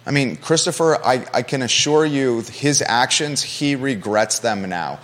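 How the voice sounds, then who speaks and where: Passionate guy hosting a live talk show, punchy and repetitive, mid pitch, long echo in the studio. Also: a little slow, a bit bright. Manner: passionate, emphatic, repeats key phrases.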